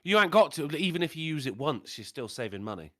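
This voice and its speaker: A man's voice: a little high, big pitch swings, fast, fairly bright tone, no echo, clean studio sound. A man in casual chat making wry, teasing remarks.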